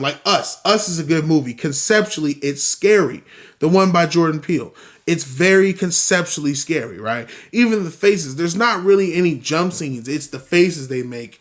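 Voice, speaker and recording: A man hosting a solo podcast, ranting casually and animatedly, swearing often and repeating himself. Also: fairly high pitch. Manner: animated, profane, repeats himself, acts out quotes. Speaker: podcast host.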